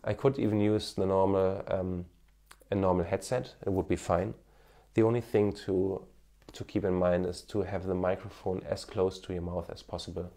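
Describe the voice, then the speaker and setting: Deep-voiced German-accented man giving advice. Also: steady tone, normal speed, creaky, dark tone. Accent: German, with a slight Indian tinge. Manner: earnest and encouraging, with frequent fillers. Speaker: marketing coach, former TV cameraman. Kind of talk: casual advice to camera. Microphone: smartphone with an external microphone.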